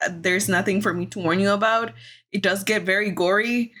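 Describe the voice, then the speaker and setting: A woman's voice: mid-range voice, steady tone, moderate pace, fairly bright tone. A woman co-hosting a podcast in casual chat, a native Spanish speaker who is blunt, laughs often and swears freely. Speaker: podcast co-host.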